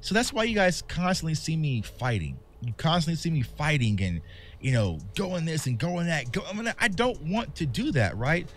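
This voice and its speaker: His voice is on the high side and very animated as this maker of sports videos talks at a normal speed, passionately and candidly, to viewers he calls "y'all." The emotional vlog monologue has slight background noise.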